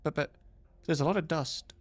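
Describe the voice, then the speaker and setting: A man's voice: a little high, moderate pace, no room sound, voice pushed up, natural voice. A man doing a timid, stammering child. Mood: nervous. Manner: stammering, nervous.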